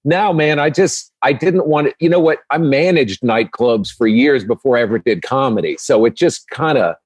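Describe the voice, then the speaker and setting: Relaxed man chatting on a dry mic. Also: mid-range voice, normal speed, slightly rough, no room sound. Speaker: guest comedian. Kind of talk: casual chat.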